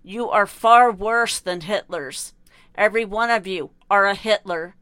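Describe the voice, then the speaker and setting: A woman's voice: mid-range voice, unhurried, fairly bright tone, clean tone, no echo. A woman delivering an impassioned monologue in a preachy, condemning, repetitive way.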